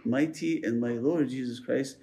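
A man's voice: mid-range voice, moderate pace, gravelly, dark tone, voice pushed down, close to an everyday voice. A man voicing a brave little Christian girl who insists on being taken along, in a raised, insistent voice within a sermon. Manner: insistent, pleading.

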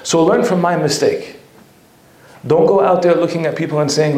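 A man's voice: a little high, normal speed, darkish tone, reverberant. A male priest telling a funny story to an audience, self-mocking and often laughing. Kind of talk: humorous storytelling talk to an audience.

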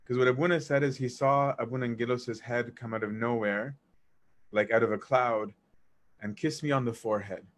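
A man's voice: medium pitch, moderate pace. Man telling a personal story. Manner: animated, reenacts dialogue, laughs while telling. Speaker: storyteller recounting memories of a monk. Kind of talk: casual spoken storytelling.

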